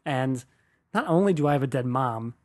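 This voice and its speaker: A man's voice: medium pitch, expressive, moderate pace. A man hosting his own podcast, telling stories in a loose, rambling monologue. He swears freely and pokes fun at himself as he talks. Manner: rambling, profane, self-deprecating. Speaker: podcast host. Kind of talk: casual comedic monologue.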